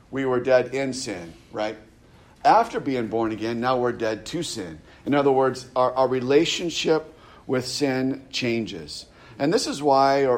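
A man's voice: mid-range voice, a little mellow. A man preaching a sermon, often stopping short to repeat words and asking "right?" after his points. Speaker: pastor.

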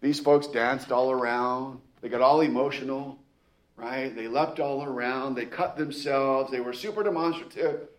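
A man's voice: mid-range voice, fairly even intonation, moderate pace. A man reading scripture aloud with emphasis and explaining it in a conversational way, often asking "right?" and restarting his phrases. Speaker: Bible teacher. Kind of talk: scripture reading with casual commentary.

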